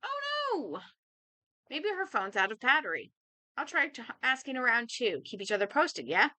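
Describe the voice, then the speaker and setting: A woman's voice: fairly high pitch, big pitch swings, a little fast, pushed and bright, no echo. A woman voicing a chatty young woman, a best friend, who teases and chats. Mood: worried. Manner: teasing and chatty.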